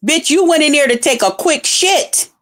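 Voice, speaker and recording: A woman's voice: high voice, moderate pace, fairly bright tone. A woman streamer delivering a scornful, confrontational rant full of constant cursing. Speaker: online streamer. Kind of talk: profane ranting commentary.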